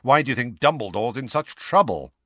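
A man's voice: mid-range voice, lively intonation, a little fast, sharp tone, husky, no echo, studio quality, pitched above the performer's own voice. A man doing a bitter, restless outlaw. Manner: bitter, sardonic.

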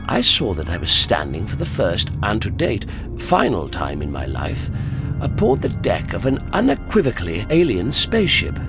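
A man reading a story aloud in first-person scripted narration, measured and wry. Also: sits low. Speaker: audiobook narrator.

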